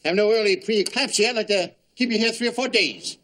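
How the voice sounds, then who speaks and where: An actor playing a folksy small-town doctor with a lively drawl in a sitcom. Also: male voice, sits high, fairly quick, slight background noise.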